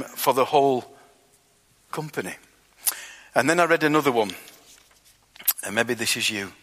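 Bright-voiced male preacher in a reverberant hall. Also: mid-range voice. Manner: conversational, halting, with fillers and restarts. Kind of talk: sermon with Bible reading.

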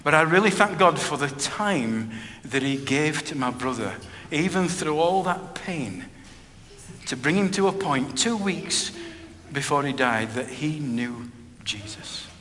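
A man's voice: on the high side, lively intonation, a little slow, bright, forceful tone. A middle-aged man preaching a personal testimony sermon. He speaks earnestly and plainly, often repeating phrases. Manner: earnest, plain-spoken, with frequent repetition. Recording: reverberant hall with faint background noise.

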